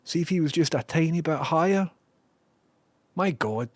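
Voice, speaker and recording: A man's voice: on the high side, animated, moderate pace, a little hiss or hum. A man casually commenting on old TV clips, chatty and sarcastic, swearing now and then. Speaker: host reacting to archive TV clips.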